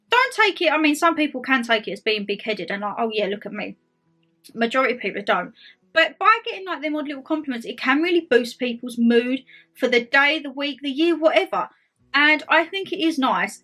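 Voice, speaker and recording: Woman, young, chatty and bubbly, bright voice, fairly high, soft music under. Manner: chatty, bubbly, lots of "like" and quoted asides. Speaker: vlogger host. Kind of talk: casual chat to camera. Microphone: tablet camera.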